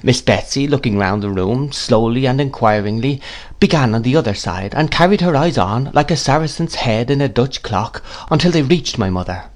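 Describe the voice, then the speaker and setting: A man narrating a classic novel in a measured, unhurried storytelling manner. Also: mid-range voice, animated. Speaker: audiobook narrator.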